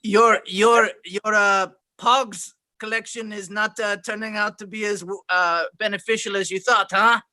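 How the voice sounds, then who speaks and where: A man's voice: high voice, fairly even intonation, measured pace, few pauses, sharp tone, exaggerated voice. A man playing a rude, sarcastic shop clerk at a returns counter, in an improvised comedy scene over a video call. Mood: snide. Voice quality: insulting, sarcastic delivery.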